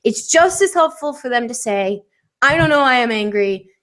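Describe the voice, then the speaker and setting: High-voiced woman chatting candidly. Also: expressive, normal speed, a bit bright. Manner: candid, rambling with frequent ums. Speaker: podcast co-host. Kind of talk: casual chat.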